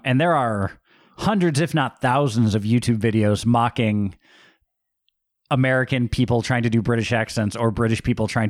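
A man's voice: mid-range voice, dry recording. Man, podcast co-host, emphatic casual chat, dry recording. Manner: emphatic, conversational, frequent fillers. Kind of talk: casual movie review chat.

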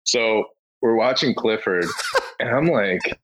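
A man chatting casually on a podcast, telling an animated story with frequent swearing and laughter. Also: medium pitch, normal speed, noisy background.

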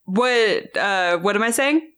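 A woman speaking as a podcast co-host in a casual film discussion, hesitant and unhurried. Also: medium pitch, lively intonation, fairly bright tone, clear, resonant tone. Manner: slow, hesitant.

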